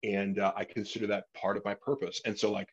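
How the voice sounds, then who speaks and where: A man with a husky, low-pitched voice talks loosely on a podcast, full of fillers and casual profanity. The audio is a bit dull and lo-fi. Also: level tone, fast talker. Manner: rambling, many fillers, profane. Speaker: podcast host.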